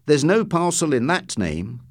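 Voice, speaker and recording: A man narrating who voices a nervous, sharp-eyed village postmistress in a slightly raised voice. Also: a little high, big pitch swings, measured pace. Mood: wary.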